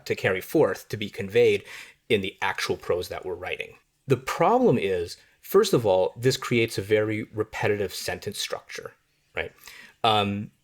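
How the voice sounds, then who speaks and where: A man with a somewhat low voice teaches writing in a relaxed, conversational way. He keeps checking in with the listener and works through the points as he talks. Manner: conversational, often asks "right?". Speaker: writing instructor. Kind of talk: explanatory lesson on writing.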